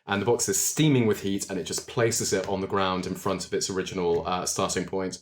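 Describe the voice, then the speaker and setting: Low-voiced man running a game. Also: fairly even intonation, slight background noise. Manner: measured, with frequent ums. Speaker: game master. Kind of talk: narrating a tabletop game.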